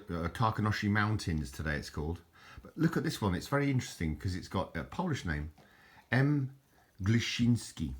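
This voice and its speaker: Low-voiced man, rambling chat. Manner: rambling and chatty, stumbles over foreign words, frequent self-corrections. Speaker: vlogger showing his bottle collection. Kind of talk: casual show-and-tell vlog.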